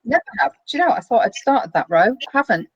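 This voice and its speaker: A woman's voice: on the high side, big pitch swings, quick pace, husky, dry recording, lo-fi sound. A woman co-hosting a casual web show, chatting in a rambling way with plenty of fillers. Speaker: co-host.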